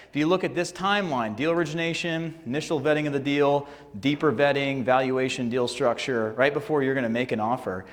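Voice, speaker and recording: A man's voice: mid-range voice, a bit bright. A man teaching a negotiation seminar in a casual, joking way, often checking in with "right?". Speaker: sales and negotiation trainer. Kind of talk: live seminar presentation with slides. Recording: long hall reverb.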